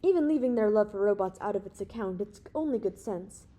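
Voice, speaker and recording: A commanding young space hero, read by a woman in a warm, mellow tone. He builds his argument step by step, persuasive and sure of himself, as in a storybook reading. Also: medium pitch, animated, a little fast, natural voice. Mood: confident, reasoning. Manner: reasoned, persuasive, authoritative.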